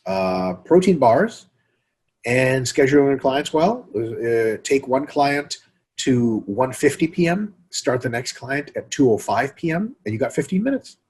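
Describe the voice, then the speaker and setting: A man hosting a casual fitness podcast, profane and animated, often acting out other people's voices. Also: mid-range voice, measured pace, husky. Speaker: podcast host.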